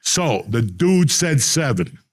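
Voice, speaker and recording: A man's voice: medium pitch, slow, breathy edge, no room sound. An older man telling long, profane, rambling stories as a podcast host in casual chat. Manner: profane, rambling, animated storyteller.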